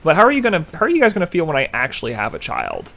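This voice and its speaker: A man's voice: on the high side, wildly swooping pitch, rapid-fire, vocal fry, fairly bright tone. A young man chatting casually with his live-stream chat, rambling and joking as he reads messages aloud.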